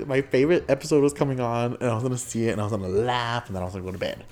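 A man's voice: mid-range voice, steady tone, very fast, darkish tone. A young adult man hosting a podcast, telling a childhood story casually, laughing often and acting out quotes. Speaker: podcast host.

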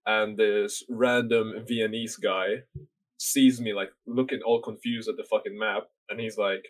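A young man from Norway talks loosely and at length, his voice sitting on the lower side. He rambles with plenty of fillers and swear words, in an easy chat between friends. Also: little pitch movement, measured pace, poor audio. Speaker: podcast guest telling a story. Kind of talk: casual chat.

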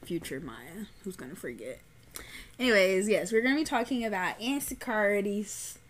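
A woman's voice: medium pitch, lively intonation, normal speed. A young woman, co-hosting a podcast and telling a story animatedly, swearing freely. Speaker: podcast co-host. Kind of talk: casual chat.

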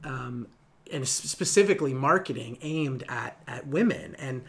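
A man's voice: mid-range voice, animated, moderate pace, fairly bright tone. Ranting male podcast co-host. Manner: ranting, exasperated, many fillers. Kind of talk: casual chat.

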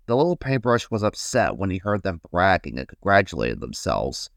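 A man hosting a podcast, reading a children's story aloud in a gentle, guiding way. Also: sits low, wildly swooping pitch, gravelly, no room sound, studio quality. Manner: gentle, slow, guiding listeners. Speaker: host and storyteller.

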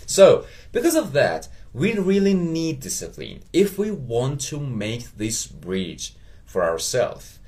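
A man with a Persian accent, a native Persian speaker, hosting a motivational solo podcast in English, earnest and halting, often checking in with "okay?". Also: mid-range voice, huge pitch swings, darkish tone. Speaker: podcast host.

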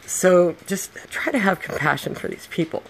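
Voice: mid-range voice, moderate pace, a little hiss or hum. A middle-aged podcast host and hairdresser telling stories in a casual monologue, blunt and profane with heated outbursts.

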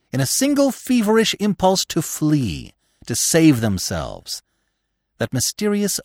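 A man narrating a classic novel for a podcast, dramatic, dropping to a hush and then rising to loud passages. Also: medium pitch, dry recording, studio quality. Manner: dramatic, with big swings between hushed lines and loud ones.

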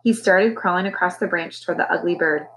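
A woman's voice: lowish voice, fairly quick, slight background noise, rough recording. Woman teacher reading a chapter book. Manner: expressive storytelling. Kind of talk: reading a children's novel aloud.

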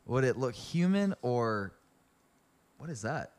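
A man co-hosting a podcast, casually reading fan fiction aloud in a deadpan way with wry asides. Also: medium pitch, slow, clear, resonant tone, no echo. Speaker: podcast co-host.

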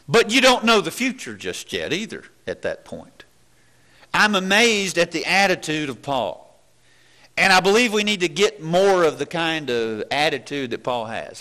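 A man preaching a sermon. His voice sits a little high and sounds bright and forceful. He is earnest and questioning, restarts often, and drops low when he acts out doubtful thoughts.

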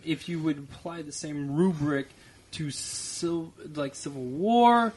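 A man's voice: fairly high pitch, slow, a little mellow, a little hiss or hum. A man co-hosting a casual movie podcast who talks hesitantly, trailing off and restarting. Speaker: podcast co-host. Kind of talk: casual panel chat about movies.

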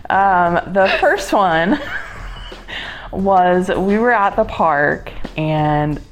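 A woman's voice: fairly low pitch, expressive, very slow, poor audio. A woman podcast co-host in casual chat who reacts bluntly to stories and tells her own.

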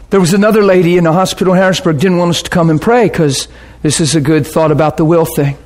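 A middle-aged man preaching and telling a story as a pastor, animated, jumping into shouts when he gets worked up. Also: sits high, quick pace, hardly any pauses. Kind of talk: sermon storytelling.

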